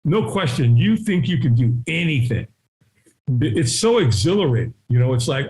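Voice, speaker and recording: Man, fairly high voice, very lively intonation, interview guest, acts out quoted voices, home video call. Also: moderate pace. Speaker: guest, firewalking instructor. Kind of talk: animated storytelling in an interview. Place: his home.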